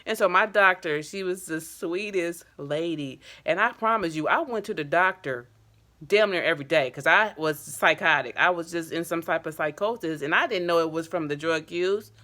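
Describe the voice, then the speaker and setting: Low-voiced woman, candid and emotional. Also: normal speed, bright, forceful tone. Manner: candid, emotional storytelling with casual slang. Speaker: addiction counselor. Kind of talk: personal vlog talk.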